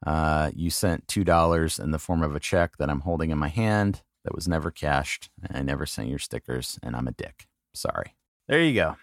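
A middle-aged man with a very low voice speaks in a casual solo monologue for his podcast. He is halting and apologetic, pokes fun at himself, and reads names out slowly one by one. The sound is close and dry, with no room echo at all. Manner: halting, apologetic, self-deprecating. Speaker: podcast host.

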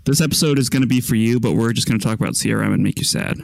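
A man's voice: medium pitch, very fast, gravelly, no room sound. A man co-hosting a casual podcast, making wry, sarcastic jokes on a close mic. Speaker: podcast co-host.

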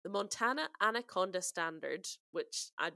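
A woman's voice: medium pitch, lively intonation, normal speed, gravelly, pushed and bright, no room sound, studio quality. A woman co-hosting a podcast in casual chat, talkative and prone to laughing. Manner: chatty, giggly, lots of fillers. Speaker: podcast co-host.

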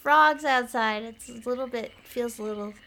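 A woman's voice: a little high, normal speed, a little hiss or hum. A woman from Colorado co-hosting a podcast, telling stories in a chatty, giggly way. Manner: chatty and giggly, animated storytelling. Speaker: podcast co-host. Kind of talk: casual chat.

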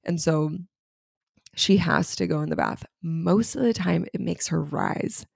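A woman in her thirties with a gravelly, lowish voice, co-hosting a podcast in an easygoing, animated way. She tells stories in a chatty manner. The sound is dry and close to the mic. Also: unhurried, no room sound. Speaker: podcast co-host; parent of a child with diabetes. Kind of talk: casual chat.

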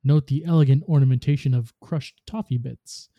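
A man's voice: mid-range voice, moderate pace, dark tone, dry recording, muffled recording, close to an everyday voice. Man reading as a sneering snooty female ghost. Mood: scornful. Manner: sneering, scoffing.

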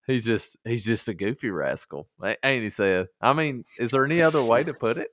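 A man's voice: medium pitch, expressive, a little fast, a bit bright. A man hosting a podcast, easygoing and rambling in casual chat.

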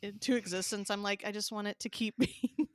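A woman's voice: medium pitch, fairly even intonation, fairly quick, no room sound, studio quality. A woman in her thirties co-hosting a podcast, chatting casually, laughing often and filling her talk with "like.". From American South. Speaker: podcast co-host. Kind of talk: casual chat.

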